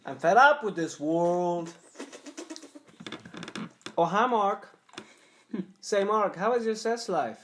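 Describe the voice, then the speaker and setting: A man putting on an impression of an eccentric cult film director, with dramatic, halting delivery. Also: high-pitched, expressive, fairly bright tone, a little hiss or hum, voice pushed up, full character voice. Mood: melodramatic.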